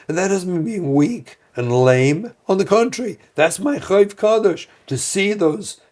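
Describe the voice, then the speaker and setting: A man, a guest speaker on parenting, talking in an animated, emphatic way in a conversational discussion. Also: fairly high pitch.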